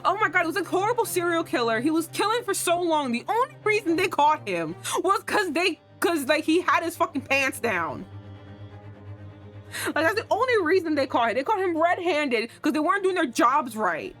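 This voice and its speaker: A young woman streaming a game, talking casually and excitably with lots of swearing, jumping between loud outbursts and low mutters. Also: normal speed. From United States. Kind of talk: casual let's-play commentary. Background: faint game music.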